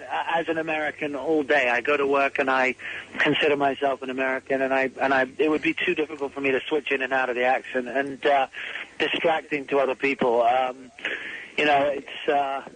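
Male actor from Britain, phone interview, hesitant and full of fillers, slightly higher voice. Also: a bit bright, low-quality recording. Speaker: actor guest.

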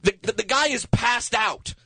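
A man telling a travel story with animated energy in casual conversation. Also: very high-pitched, normal speed, breathy edge, no room sound. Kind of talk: casual chat.

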